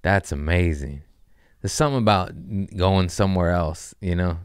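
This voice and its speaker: A man's voice: deep voice, moderate pace, clean tone, dry recording, clean studio sound. Loose, jokey man around forty. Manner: loose, jokey, profane, riffing off the cuff. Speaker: comedian podcast host. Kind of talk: rambling casual chat.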